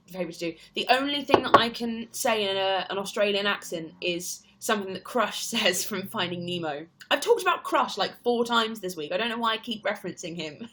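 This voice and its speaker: A woman's voice: on the low side, a bit bright. A young woman with an English accent, chatting casually on a live stream and reading out viewers' comments, rambling with lots of fillers. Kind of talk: casual chat.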